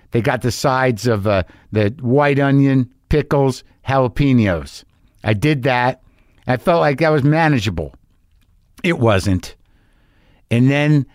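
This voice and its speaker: A middle-aged man hosting his podcast, rambling through a casual monologue with halting restarts and sudden profane bursts of enthusiasm. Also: mid-range voice, no room sound, studio quality. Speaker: podcast host.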